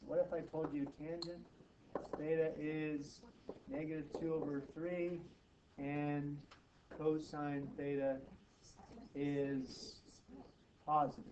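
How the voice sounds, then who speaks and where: A man teaching math to students, brisk and teasing, often checking in with quick questions. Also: on the high side. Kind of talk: classroom tutoring. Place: classroom. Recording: distant, muffled, noisy classroom recording.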